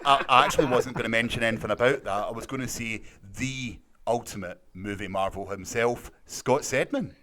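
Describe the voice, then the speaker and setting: A man's voice: mid-range voice, a little fast, hardly any pauses, sharp tone. Chummy man hosting a podcast. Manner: chummy, laughs often. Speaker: podcast host. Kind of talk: casual chat.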